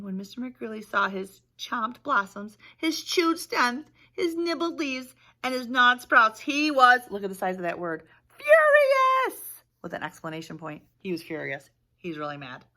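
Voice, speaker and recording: A woman teacher reading a picture book aloud to young children, with lively gasps and questions. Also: medium pitch. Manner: animated storytelling, gasps and asks questions. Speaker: preschool teacher.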